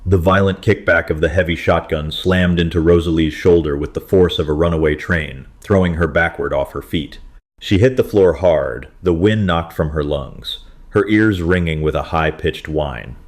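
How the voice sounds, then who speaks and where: Male audiobook narrator with a deep voice and a dramatic, steady read. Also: normal speed. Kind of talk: scripted story narration.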